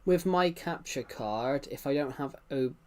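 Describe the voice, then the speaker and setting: Casting note: young male streamer, chatty and rambling, mid-pitched voice, talks straight to his viewers. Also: a little slow, a little mellow. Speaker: livestreamer. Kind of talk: casual live-stream chat.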